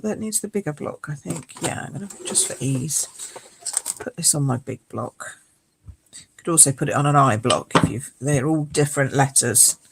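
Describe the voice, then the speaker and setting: A woman hosting a live card-making demonstration, chatty and explaining each step as she goes, with a croaky voice. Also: sits low, slight background noise, low-quality recording.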